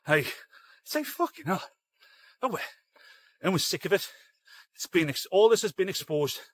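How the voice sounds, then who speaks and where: A man's voice: sits high, moderate pace. Blunt, sweary man, middle-aged. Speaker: live-stream show host. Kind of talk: casual live-stream rant.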